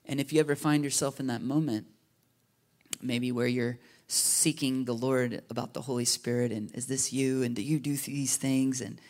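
A man preaching a sermon in a casual, animated way, often checking in with his listeners with "right?" and "you know?". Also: mid-range voice, normal speed. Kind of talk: conversational sermon.

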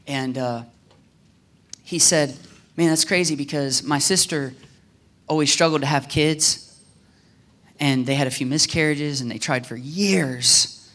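Male pastor, fairly high voice, animated sermon delivery with dramatic hushed drops. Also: unhurried, long pauses. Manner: animated, acts out prayers and quotes with swings in pitch and loudness.

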